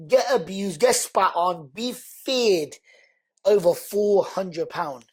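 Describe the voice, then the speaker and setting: A man, a podcast guest, telling his story in a lively, conversational way and acting out the dialogue. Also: sits high, slow pace, breathy edge. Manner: animated, acts out quoted dialogue.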